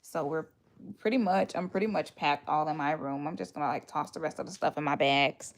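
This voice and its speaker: Chatty woman with a creaky voice. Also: low-pitched, a little fast. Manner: chatty, laughs often, greets viewers by name; retells conversations in put-on voices. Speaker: livestream host. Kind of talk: casual livestream chat.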